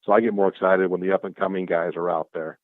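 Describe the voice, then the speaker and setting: A man guest chatting casually, telling stories in an excitable way and acting out the back-and-forth. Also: sits low, fast, dry recording. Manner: excitable, acts out quoted exchanges. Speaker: guest, clothing brand founder. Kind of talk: casual storytelling chat. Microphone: call audio. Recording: tinny phone-like call line.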